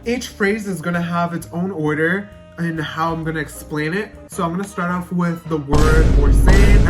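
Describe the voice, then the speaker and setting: A young adult woman vlogging in a brash, profane and theatrical way as she explains her slang in casual talk. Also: fairly low pitch.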